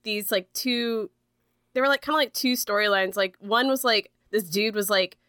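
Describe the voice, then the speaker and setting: A woman's voice: medium pitch, moderate pace, sharp tone, clear, resonant tone, dry recording. Rambling young woman, dry close sound. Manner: rambling, heavy use of "like", frequent laughs. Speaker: podcast co-host. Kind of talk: casual chat.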